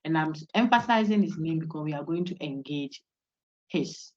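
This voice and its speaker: A woman's voice: deep voice, lively intonation, normal speed, a little mellow, a little hiss or hum. A woman giving an online university philosophy lecture, coaching students to repeat names after her. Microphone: video call. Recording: dull lo-fi online call audio.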